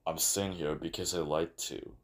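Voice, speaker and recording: A man's voice: a bass voice, fairly even intonation, normal speed. A man voicing a stubborn cartoon man who only wants to sit and relax, answering curtly in a fan animation dub. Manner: stubborn, curt.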